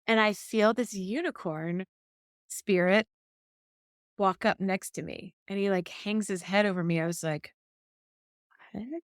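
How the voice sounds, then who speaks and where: A woman's voice: medium pitch, a little slow, clean tone, dry recording, clean studio sound. A woman co-hosting a podcast, telling a personal story in casual chat and acting out what she said back then. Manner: animated, acts out her own past quotes. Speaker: podcast co-host.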